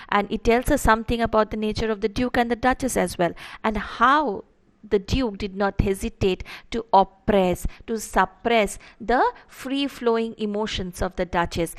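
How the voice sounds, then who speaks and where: A woman's voice: medium pitch, vocal fry. Woman lecturing on poetry. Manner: explains step by step, with frequent fillers and restarts. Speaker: literature lecturer. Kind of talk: online class lecture.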